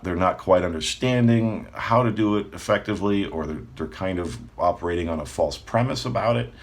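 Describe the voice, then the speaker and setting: Low-voiced guy doing a chill coaching vlog, keeps going "right?", laughs a bit. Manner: relaxed, conversational, frequent "right?" check-ins, laughs often. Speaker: manifestation coach. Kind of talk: casual talk to camera.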